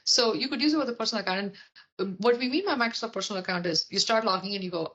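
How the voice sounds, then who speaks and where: A woman's voice: medium pitch, racing, a bit bright, highs cut off. A woman, a product leader, explaining and demonstrating an app in an upbeat, conversational way. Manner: upbeat, explanatory, frequent yeahs. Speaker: product leader interviewed as guest.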